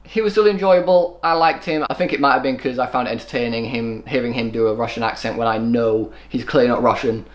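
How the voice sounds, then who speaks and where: A man giving an opinionated solo film review, running his thoughts together without pause. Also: mid-range voice. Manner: opinionated, quick run-on delivery. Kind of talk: solo movie review commentary.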